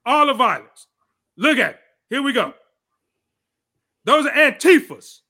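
This podcast host is a man whose very high, bright, piercing voice is very animated yet measured in pace. He delivers an angry, profane political rant, frequently shouting and combative throughout.

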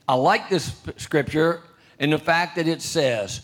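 An older man preaching a sermon, telling a personal story with many restarts and throat-clearing, and reading scripture louder and higher. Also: slow pace. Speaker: pastor.

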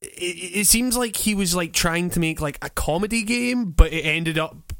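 A man's voice: sits high, normal speed, fairly bright tone, no room sound, clean studio sound. A man co-hosting a podcast who stammers, laughs and swears casually in conversation. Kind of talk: casual chat.

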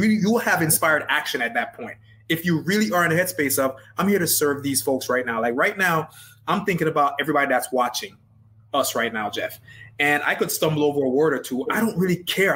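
A man's voice: fairly high pitch, a bit bright, rough recording. A man with a Jamaican accent, a business coach talking earnestly and emphatically as a guest in a casual interview, often repeating phrases.

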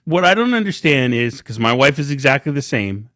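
A man's voice: mid-range voice, big pitch swings, brisk, a bit bright, dry recording, clean studio sound. A man hosting a podcast in casual chat, joking and teasing as he sets up segments. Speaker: podcast host.

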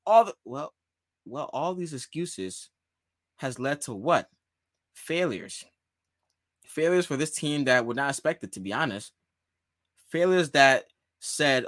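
Bright, emphatic man hosting sports talk. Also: on the high side, measured pace, no echo, studio quality. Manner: animated, emphatic, repeats phrases. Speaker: podcast host.

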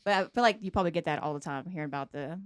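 A woman's voice: deep voice, racing. Giggly Southern woman hosting a podcast. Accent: Southern American. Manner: chatty, giggly, rambling. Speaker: podcast host. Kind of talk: casual chat.

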